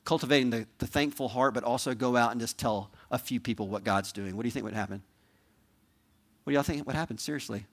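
A male pastor closing a sermon in a conversational, heartfelt manner. He speaks at a middle pitch, coaxing and pleading with the congregation. His tone stays earnest and direct, often pausing to ask "right?".

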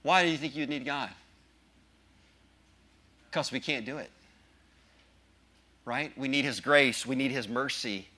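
A man's voice: mid-range voice, unhurried, pauses often, bright, forceful tone. A male pastor preaching a sermon with emphasis, often asking the congregation questions.

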